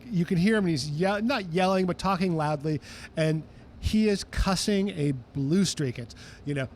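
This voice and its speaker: A man telling stories as an interview guest, lively and acting out the voices of people he quotes. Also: sits high, normal speed, very noisy. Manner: animated, acts out quoted voices. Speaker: guest, music historian. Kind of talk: casual interview storytelling.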